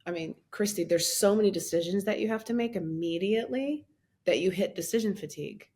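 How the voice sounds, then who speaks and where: Animated storytelling woman in her fifties. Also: mid-range voice, fairly quick. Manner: animated, acts out her own past words in a raised voice; laughs often while telling a story. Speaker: guest, minister and life coach. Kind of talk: personal storytelling in a podcast interview.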